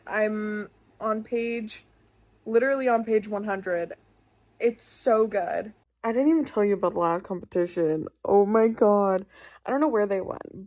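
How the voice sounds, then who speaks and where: A young woman excitedly recapping a book she is reading, gushing and saying "like" a lot. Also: mid-range voice. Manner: gushing, excitable, heavy use of "like". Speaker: book vlogger. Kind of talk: casual reading vlog recap.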